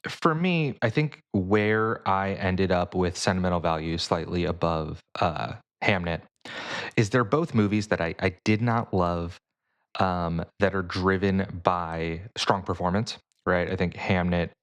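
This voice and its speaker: A man co-hosting a film podcast, speaking in a measured, hedging way with dry humor. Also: low voice, smooth. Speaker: podcast co-host. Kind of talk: casual film discussion.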